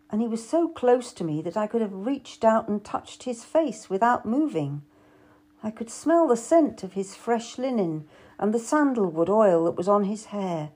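A woman's voice: medium pitch, lively intonation, measured pace, mellow. A woman narrating a historical novel in the first person, reading expressively. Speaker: audiobook narrator.

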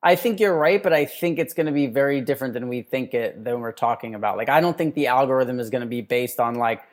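A young man co-hosting a podcast in casual chat, an animated storyteller who acts out the people he quotes. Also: mid-range voice, fast talker. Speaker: podcast co-host.

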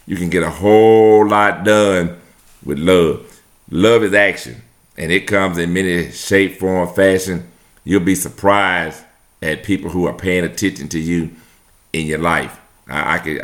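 A man with a very low voice gives an earnest motivational talk. He speaks plainly and directly to his listeners. He drives his points home by repeating short phrases. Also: a bit bright.

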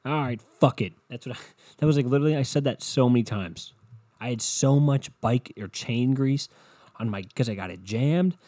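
A man's voice: medium pitch, moderate pace, warm tone, no room sound. A man co-hosting a podcast, telling a rambling, self-mocking story in casual talk, swearing constantly. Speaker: podcast co-host. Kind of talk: casual profane storytelling rant.

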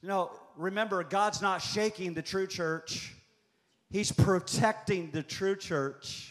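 Pastor in his fifties, a man with a very high voice, fervent and repetitive delivery. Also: slow pace. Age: 50s. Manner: impassioned, repetitive preaching cadence. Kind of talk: prophetic sermon.

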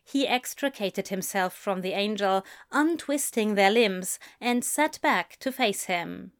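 A woman narrating a fan fiction story in a soft, gentle storytelling manner. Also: medium pitch, animated, slow pace. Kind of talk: audiobook fan fiction reading.

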